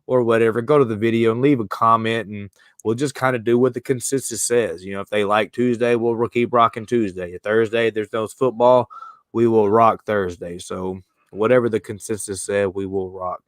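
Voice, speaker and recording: Slangy sports-show host, smooth voice. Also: male voice, lowish voice, fairly even intonation, normal speed, dry recording, studio quality. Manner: loose, slangy, joking. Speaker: podcast host. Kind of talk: casual live-stream sports chat.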